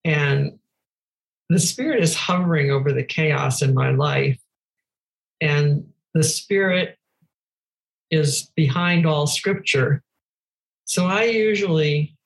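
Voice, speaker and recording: An older woman speaking as a podcast guest, reflecting thoughtfully and gently on scripture in conversation. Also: sits low, gravelly, poor audio.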